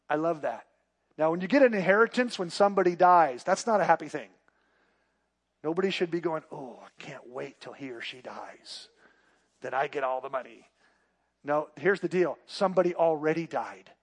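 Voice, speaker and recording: A man, a pastor, preaching a sermon, moving between quiet, intimate passages and loud, emphatic declarations. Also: on the high side.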